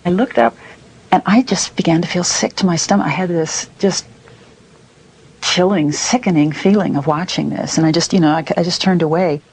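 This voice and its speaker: A woman's voice: lowish voice, normal speed, darkish tone, slightly rough, rough recording. A woman being interviewed, speaking emotionally. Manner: emotional, recalling distress.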